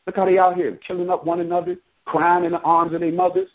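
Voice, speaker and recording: High husky guy preaching scripture then riffing in slang, dull lo-fi recording. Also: flat delivery, fast. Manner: reads verses then breaks into slangy asides. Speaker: street preacher.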